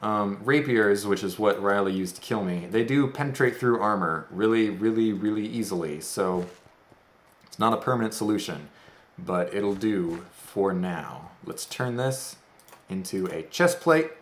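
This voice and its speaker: Low-voiced rambling gaming commentator man. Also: a little slow, roomy sound. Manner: rambling, self-deprecating, goofy asides. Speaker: let's-play host. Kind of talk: casual gameplay commentary.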